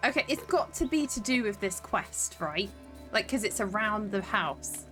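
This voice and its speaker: A woman's voice: medium pitch, fairly bright tone. A woman streaming a video game, chatting in a playful, sweary way as she plays. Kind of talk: casual gameplay commentary.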